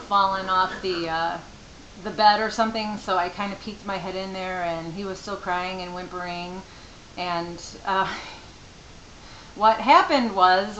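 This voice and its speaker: Chatty middle-aged mother with a bright voice. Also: mid-range voice. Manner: rambling, chatty, with fillers and asides. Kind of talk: casual storytelling to camera. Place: home room. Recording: echoey room with faint hiss.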